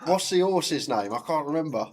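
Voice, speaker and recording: Lively male poker commentator. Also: a little high, moderate pace. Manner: animated storyteller, laughs often. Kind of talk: casual live commentary banter. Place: commentary booth at a live poker event.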